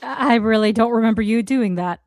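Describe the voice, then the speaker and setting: A woman with a slightly high voice co-hosts a livestream, adding short, wry and skeptical comments to the conversation. Her lines come in brief bursts of casual chat. The recording is close and dry. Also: brisk, darkish tone, dry recording. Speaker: livestream co-host.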